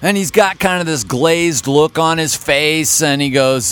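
A man's voice: on the high side, unhurried, fairly bright tone, clear, resonant tone, faint music behind. A man in his fifties from Kansas City telling a casual, wry and folksy story as a podcast host. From Kansas City area, USA. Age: 50s. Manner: folksy, wry and self-mocking.

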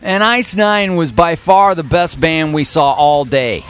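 Man, 50s, from Kansas City, slightly higher voice, folksy wry storyteller hosting a show. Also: unhurried, loud music behind the voice. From Kansas City area, USA. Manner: folksy, wry and self-mocking. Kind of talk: casual storytelling monologue.

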